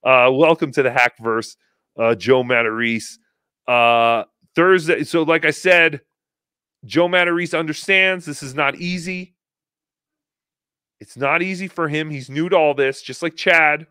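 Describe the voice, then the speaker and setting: A man's voice: a little high, fairly even intonation, a little slow, pushed and bright, smooth, no room sound, clean studio sound. A man hosting a casual online show, joking, laughing a lot and slipping into mocking voices. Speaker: host. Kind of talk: casual chat.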